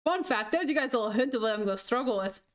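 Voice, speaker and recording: A woman's voice: fairly high pitch, lively intonation, very fast. A young woman streaming a game, chatting casually in a rambling, giggly way full of "like". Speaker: gaming streamer. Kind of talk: casual chat over gameplay.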